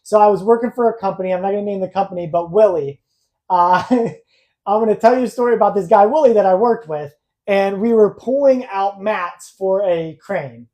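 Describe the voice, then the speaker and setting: A young adult woman co-hosts a casual podcast chat that is live-streamed, telling stories bluntly and ramblingly while laughing at herself. Her voice is mid-range and mellow at normal speed.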